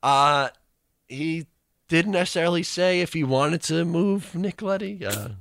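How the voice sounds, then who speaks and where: A man's voice: on the high side, expressive, unhurried, vocal fry, fairly bright tone, dry recording, studio quality. A young man co-hosting a casual chat, rambling through an anecdote and laughing as he tells it. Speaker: co-host, student radio reporter.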